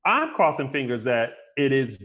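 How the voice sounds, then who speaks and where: A man co-hosting a soap opera recap podcast, talking in a playful, animated way and acting out quotes. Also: medium pitch, normal speed. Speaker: podcast co-host. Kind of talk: casual chat.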